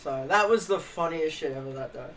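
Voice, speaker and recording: On a live stream, a young man chats casually and tells funny family stories, laughing and swearing a lot and acting out what relatives said. His voice is on the high side, fairly bright and a little fast. Slight background noise can be heard.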